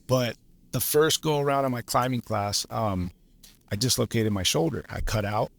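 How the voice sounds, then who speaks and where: A man's voice: mid-range voice, moderate pace, creaky, no echo. A man, a lineman guest from Los Angeles, telling stories in a laid-back way, swearing freely and laughing as he goes. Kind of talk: casual storytelling.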